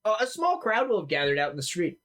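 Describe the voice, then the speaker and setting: A man's voice: high-pitched, very animated, fast, fairly bright tone. A man narrating a tabletop role-playing game as game master, talking casually with many fillers.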